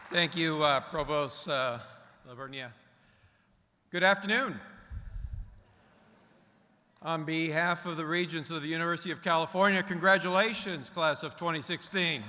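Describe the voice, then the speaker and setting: A man's voice: a little high, normal speed, pauses often, bright, forceful tone, long reverb tail. A middle-aged man giving a formal, earnest commencement speech at a podium, stressing his key phrases by repeating them. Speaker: commencement guest speaker.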